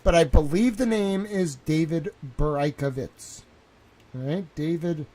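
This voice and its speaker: Young male streamer talking from home, rambling and worked up, a touch high-pitched. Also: a little slow. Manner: excitable, repeats himself, says "bro" and "like" a lot. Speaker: live streamer. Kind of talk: rambling live stream monologue.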